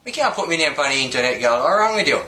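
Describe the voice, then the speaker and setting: A man's voice: a little high, big pitch swings, racing, pushed and bright. A man playing a joking dad in a viral video, speaking with a Jamaican accent in a blunt, teasing way.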